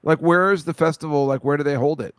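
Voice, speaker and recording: A man hosting a casual talk show, rambling and halting with lots of fillers. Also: fairly high pitch, clean tone, no echo. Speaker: podcast host. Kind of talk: casual chat.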